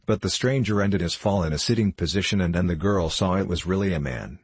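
A man narrating a children's storybook in a steady, measured way. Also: sits low, slightly rough, no room sound. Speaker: audiobook narrator.

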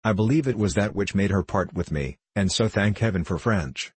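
Man reading defiant young woman, storybook, spiteful, mocking, husky low voice. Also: lively intonation, moderate pace, no echo. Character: defiant scornful young woman, bitter schoolgirl.

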